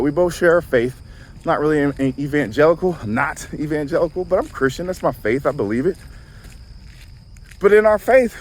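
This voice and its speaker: A man in his forties from the Southern US with a Southern accent, a counselor talking in an earnest, conversational way with frequent check-ins. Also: fairly high pitch. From Southern United States. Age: 40s. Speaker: counselor and vlogger. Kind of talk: reflective monologue. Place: outdoors, walking.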